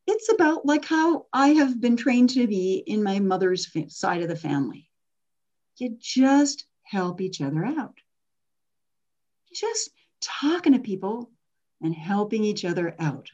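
A woman's voice: on the high side, sing-song, unhurried, darkish tone, muffled recording. Chatty woman teaching an online workshop. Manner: candid, chatty, with frequent laughs and fillers. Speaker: workshop host and coach. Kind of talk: casual online workshop talk.

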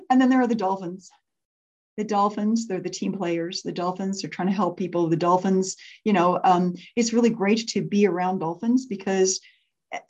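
A woman's voice: medium pitch, a little mellow, dull audio. Laughing woman leading a workshop. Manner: laughs often, asks the group to raise hands. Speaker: workshop leader for entrepreneurs. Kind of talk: interactive workshop teaching.

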